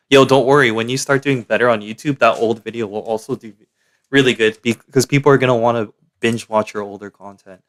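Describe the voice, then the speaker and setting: A young man from Canada, chatting casually and slangily to his live-stream chat. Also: medium pitch.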